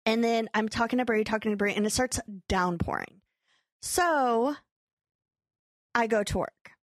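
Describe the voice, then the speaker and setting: A young adult woman hosting a podcast, telling a story in a casual chat, animated and acting out her own quotes with frequent laughter. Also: a little high, a little slow, no echo. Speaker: podcast co-host.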